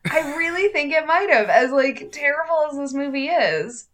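A woman's voice: sits high, animated, normal speed, fairly bright tone. Woman cohost on a movie podcast, chatty, laughs a lot. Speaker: podcast co-host. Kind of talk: casual chat.

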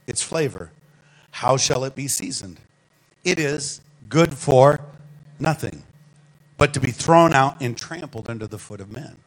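A man preaching a sermon as guest speaker, animated and calling on the congregation to answer back. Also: medium pitch, a little slow, long pauses, rough recording. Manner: animated, calls the congregation to respond.

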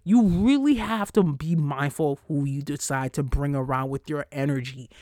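A fired-up podcaster on a solo rant, cursing hard and firing off blunt questions. The voice sits in a middle pitch and comes through close and dry, with no room sound. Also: a little mellow, dry recording. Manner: heated, profane, fast-cutting rant; frequent cursing and "like" fillers. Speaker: podcast host.

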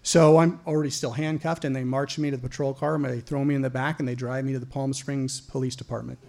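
A man from Idaho telling a personal story to an audience, animated and profane, often stumbling into repeated words. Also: medium pitch, quick pace, gravelly. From Idaho, USA.

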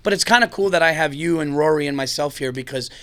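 A man hosting a casual radio talk show, rambling and excitable, often cutting in on his guests. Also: fairly high pitch, fast, clear, resonant tone. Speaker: podcast host. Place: radio studio.

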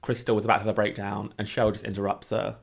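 A man's voice: fairly low pitch, completely flat delivery, rapid-fire, vocal fry, husky. A man co-hosting a podcast, joking and teasing in casual chat. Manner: teasing, self-mocking banter. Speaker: podcast co-host.

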